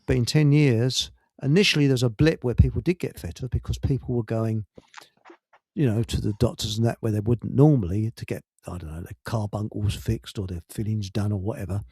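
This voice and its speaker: A man's voice: on the low side, fairly even intonation, brisk, darkish tone, husky, no room sound. A man hosting a casual talk show, rambling through stories, laughing often and restarting his sentences. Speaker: radio show host. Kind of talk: casual chat with anecdotes.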